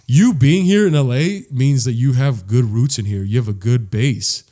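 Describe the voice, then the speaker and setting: A man's voice: mid-range voice, moderate pace, dark tone. A man co-hosting a podcast, telling a long story in a casual, rambling way full of "like"s and cussing. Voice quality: rambling, profane, with many "like"s and restarts. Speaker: podcast co-host.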